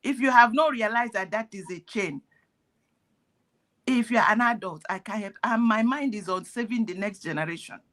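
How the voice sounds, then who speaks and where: A woman's voice: fairly high pitch, moderate pace, a bit bright. A woman giving earnest, preachy commentary in parables, sounding pained. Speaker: activist speaking on a call. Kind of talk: impassioned commentary.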